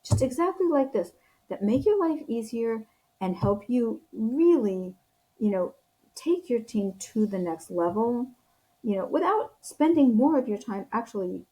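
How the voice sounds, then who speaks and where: A woman's voice: fairly high pitch, very animated, measured pace, dark tone, low-quality recording. A woman, a leadership coach, talking as a guest in a casual interview, earnest and encouraging, with frequent fillers and restarts.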